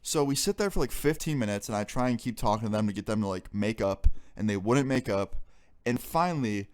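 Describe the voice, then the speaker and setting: A man's voice: fairly low pitch, lively intonation, fairly quick, a little mellow. A young man telling a story in a casual storytime vlog, exasperated and swearing freely as he goes. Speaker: vlogger.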